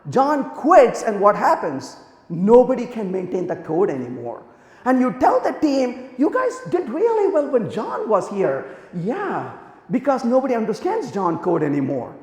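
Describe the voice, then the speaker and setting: A man giving a conference talk, telling lively anecdotes and acting out the dialogue in them. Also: very high voice. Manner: animated storytelling, acts out quoted dialogue. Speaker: conference speaker. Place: large conference hall. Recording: echoey hall, long reverb.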